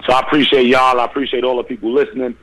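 A man's voice: medium pitch, little pitch movement, racing, fairly bright tone, dry recording, low-quality recording. A man being interviewed about his new music, talking in a laid-back, enthusiastic way full of slang and repeated words. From United States. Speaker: musician guest. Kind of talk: casual interview chat.

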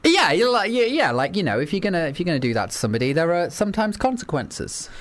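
A man's voice: sing-song, fast. Giggly man in frank chat. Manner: giggly, jumps up in pitch when laughing. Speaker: podcast co-host. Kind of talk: candid casual chat.

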